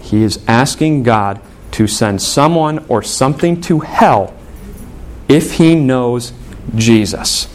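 A man preaching a sermon, telling a story in an easy, conversational way. He slips into the voices of the people he quotes and speaks at an even middle pitch. A faint hiss sits behind his voice. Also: slow pace. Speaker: pastor.

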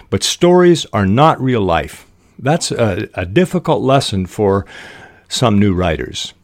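Low-voiced man teaching fiction writing. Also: no room sound, studio quality. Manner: measured, reads examples aloud with short pauses. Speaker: writing podcast host. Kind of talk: instructional talk on fiction writing.

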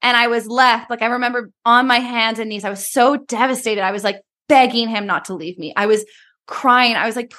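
Animated woman from Canada telling a story. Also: on the high side, normal speed. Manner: animated, emotional retelling with many "like" fillers. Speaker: podcast guest, life coach. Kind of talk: personal storytelling.

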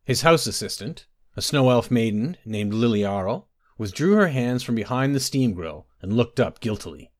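A man narrating a fantasy story in an expressive storytelling manner. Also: medium pitch, moderate pace. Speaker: audiobook narrator. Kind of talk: scripted narration.

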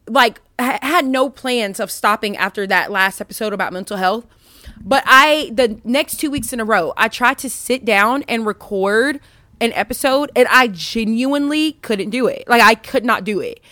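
A woman's voice: fairly high pitch, unhurried, bright, forceful tone, dry recording, clean studio sound. A young woman hosting a casual faith podcast, rambling and self-mocking as she chats with listeners. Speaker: podcast host.

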